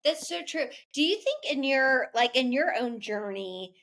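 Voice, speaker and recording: A woman's voice: sits high, lively intonation, unhurried. Enthusiastic, affirming woman podcast host. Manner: warmly enthusiastic listener, affirming. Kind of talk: conversational podcast interview.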